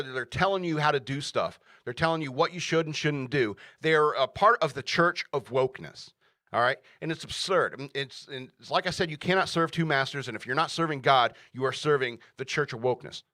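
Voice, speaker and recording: A man's voice: medium pitch, bright, forceful tone, dry recording, studio quality. Emphatic male talk radio host. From United States. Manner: emphatic, repeats "all right?". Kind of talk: opinionated solo commentary.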